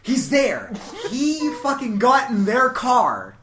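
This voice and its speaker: Animated man telling a story in an echoey room. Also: very high voice, slow, crowd noise. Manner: animated, voice rises to near-shouts when quoting himself. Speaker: comedian guest telling a story. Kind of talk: casual podcast storytelling. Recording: echoey room with faint noise.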